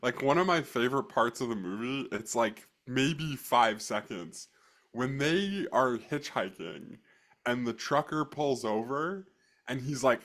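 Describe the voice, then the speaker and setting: A man's voice: mid-range voice, lively intonation, unhurried, fairly bright tone. A young man co-hosting a movie podcast, chatting casually, acting out quoted lines and trailing off with hedges. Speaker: podcast co-host. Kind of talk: casual movie review chat.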